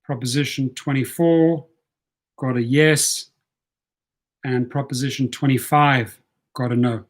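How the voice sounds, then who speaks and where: A man's voice: mid-range voice, fairly even intonation, a little slow. A man telling a story in a casual vlog, blunt, profane and fired up. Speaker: rideshare vlogger.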